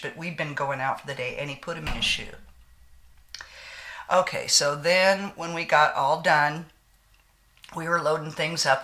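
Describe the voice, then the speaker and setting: A beauty vlogger in her sixties chats while doing her makeup, sharing homespun stories and folksy sayings with frequent laughs and a slight lingering cough. Her voice is low yet carries a bright, forceful edge.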